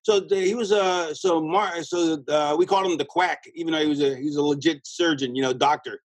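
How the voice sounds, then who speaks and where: A man with a husky, slightly raised voice rambles through a backstage story as a guest, restarting sentences and acting out quoted lines. He sounds close and dry, with no room around him. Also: fairly high pitch, a little fast, no room sound, poor audio. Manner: rambling, animated, lots of restarts and quoted dialogue. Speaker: guest, former pro wrestler. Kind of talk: casual storytelling in an interview.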